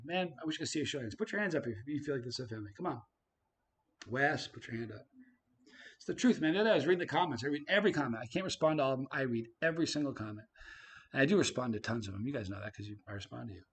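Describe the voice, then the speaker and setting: A man hosting a casual live stream, reading viewer comments aloud, his voice swinging from loud to quiet. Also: fairly high pitch, breathy edge. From Canada.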